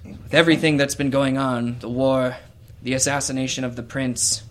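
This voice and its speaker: A man voicing an old, nearly blind male gnome seer who speaks in a grave, halting way. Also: mid-range voice, level tone, slight background noise, close to an everyday voice.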